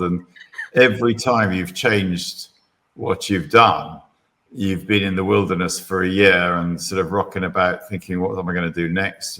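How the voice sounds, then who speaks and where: An older man, a podcast guest, telling a long rambling story in a relaxed, self-deprecating way. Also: low voice.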